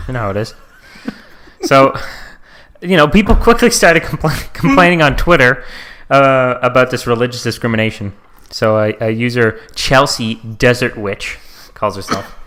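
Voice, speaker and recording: A man's voice: medium pitch, moderate pace, a bit bright. A young man co-hosting a casual podcast, sarcastically reading tweets aloud and joking with his co-host. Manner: sarcastic, reads tweets aloud in mocking tones.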